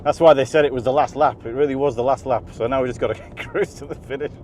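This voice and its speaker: A man giving excited, laughing commentary from inside a car on a race track. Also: mid-range voice, fast. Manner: enthusiastic, laughing often. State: out of breath. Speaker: car vlogger. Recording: car and track noise behind.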